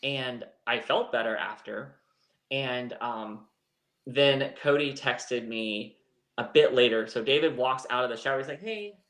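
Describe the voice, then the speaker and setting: A man's voice: mid-range voice, unhurried, fairly bright tone, roomy sound. A man co-hosting a live chat show, telling a personal story in a candid, rambling way. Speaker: co-host. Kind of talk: casual chat.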